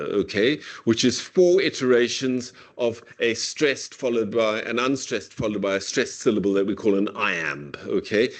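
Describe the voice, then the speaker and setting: Lecturer guy, middle-aged, rambling in class, keeps saying okay?, pitch jumps all over. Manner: discursive, frequent "okay?" tags; dramatic slow recitation of verse. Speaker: literature lecturer. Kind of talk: university lecture.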